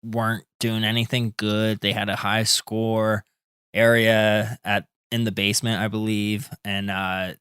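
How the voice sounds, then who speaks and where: A man's voice: on the low side, flat delivery, measured pace, a bit bright, clean tone, no echo, clean studio sound. A man in his thirties co-hosting a podcast, talking loosely with lots of fillers and casual swearing. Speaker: podcast co-host. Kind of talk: casual chat.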